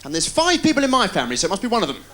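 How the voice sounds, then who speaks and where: A man doing stand-up, firing off deadpan one-liners and puns. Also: high voice. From England. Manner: rapid-fire deadpan puns with quick delivery. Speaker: stand-up comedian. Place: live TV studio with a laughing audience. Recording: loud crowd laughter, noisy 1990s TV broadcast.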